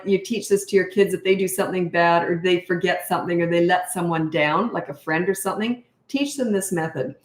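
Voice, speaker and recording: A middle-aged woman coaching parents in a casual question-and-answer talk, frank and chatty, trailing off and restarting, climbing high when exasperated. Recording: echoey room.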